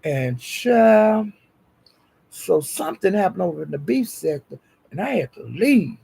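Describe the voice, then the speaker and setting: Guy spilling tea, kinda high voice, gravelly and husky, real animated. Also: brisk. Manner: animated gossipy retelling. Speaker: storyteller. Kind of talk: casual storytelling.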